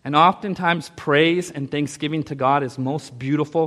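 A man with a high voice preaches a sermon, shifting between hushed reflection and loud, emphatic declarations. His voice carries a long reverb through a large hall. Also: steady tone, moderate pace. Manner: dynamic preaching, swinging from soft to loud. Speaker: pastor.

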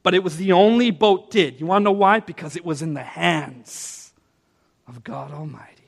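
High-voiced preaching man in a hall. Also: moderate pace. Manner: dynamic preaching, swinging from soft to loud. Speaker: pastor. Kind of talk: sermon.

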